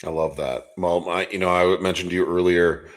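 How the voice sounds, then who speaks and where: A man's voice: low-pitched, steady tone, fairly quick. A man in his forties hosting a podcast, talking earnestly in a rambling, self-correcting way. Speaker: podcast host. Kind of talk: casual interview.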